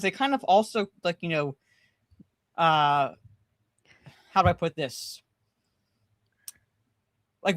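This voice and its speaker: A woman's voice: fairly low pitch, a bit bright, no room sound. A woman hosting a casual pop culture podcast, rambling with many fillers and frequent laughs. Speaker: podcast host. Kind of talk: casual chat.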